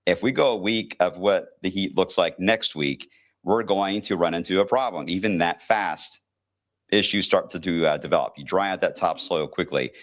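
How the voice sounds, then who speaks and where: A young man talks through forecast models on a relaxed livestream, with a low voice. He is chatty and teases himself as he goes, speaking from a weather office. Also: normal speed. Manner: laid-back, chatty, self-teasing. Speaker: TV meteorologist. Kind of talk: casual livestream weather briefing.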